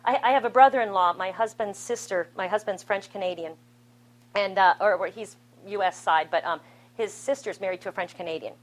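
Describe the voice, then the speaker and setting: A middle-aged woman speaking to a live Catholic gathering, telling her testimony in an animated, conversational and self-deprecating way. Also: mid-range voice, fairly quick, low-quality recording. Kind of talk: spoken testimony to a live audience. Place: room with an audience.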